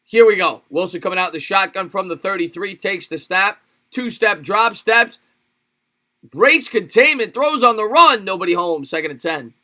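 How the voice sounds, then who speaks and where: High, bright-voiced man calling plays. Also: normal speed. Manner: punchy, clipped play calls that build in excitement. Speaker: host calling a game for a live stream. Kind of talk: amateur play-by-play commentary.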